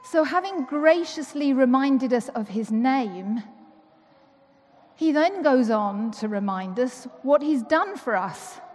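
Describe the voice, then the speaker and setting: A woman's voice: high voice, animated, slow pace, darkish tone. A woman giving a chatty, playful sermon to a congregation in church. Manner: chatty and playful, asks rhetorical questions. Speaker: church member giving the talk. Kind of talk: conversational sermon. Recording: long reverb of a church hall.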